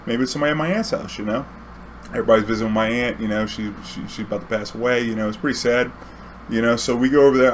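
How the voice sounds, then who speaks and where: A man tells a long story from his days driving a cab, rambling and doubling back with plenty of "you know"s. His voice sits at an ordinary middle pitch. A faint hiss lies under the recording. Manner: rambling, conversational, many restarts and "you know"s. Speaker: cab driver telling a story. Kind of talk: casual storytelling.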